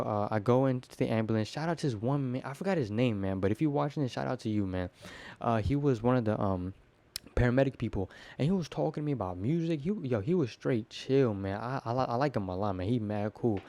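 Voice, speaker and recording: A teenage boy talking casually to the camera, telling a story in a profane, slangy, animated way. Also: mid-range voice, fast talker, no echo. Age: teens. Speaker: teen vlogger. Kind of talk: casual rambling monologue to camera.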